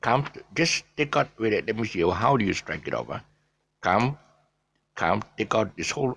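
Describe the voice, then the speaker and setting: Deep gravelly guy, middle-aged, teaching pronunciation, voice jumps up and down a lot. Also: sing-song, moderate pace. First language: Eurasian family speaking English as mother tongue. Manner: rambling, repeats words many times, drops into soft asides. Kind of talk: off-the-cuff pronunciation lesson.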